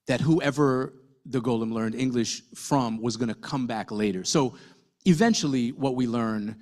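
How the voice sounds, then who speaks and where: A man, a novelist, talking casually to an audience at a book event, telling his story with lively asides and the odd swear word. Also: medium pitch, normal speed. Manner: conversational, animated storytelling with fillers and swearing.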